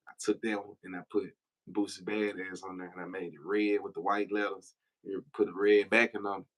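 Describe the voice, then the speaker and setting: A man's voice: sits low, flat delivery, a little fast, fairly bright tone, low-quality recording. Laid-back man spinning stories. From Memphis, Tennessee. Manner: profane, laughing, slangy storyteller. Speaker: guest telling stories. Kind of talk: casual storytelling on a livestream.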